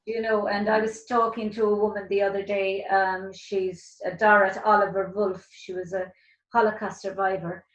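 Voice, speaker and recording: A woman's voice: medium pitch, flat delivery, normal speed, lo-fi sound. Older Irish woman host in an echoey room. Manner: rambling, many restarts. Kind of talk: casual interview chat.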